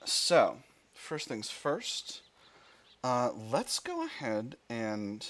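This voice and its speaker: A man's voice: medium pitch, wildly swooping pitch, extremely slow, fairly bright tone. A man hosting a let's play, reading the game's text aloud and thinking aloud about his choices, with frequent restarts. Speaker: gaming channel host.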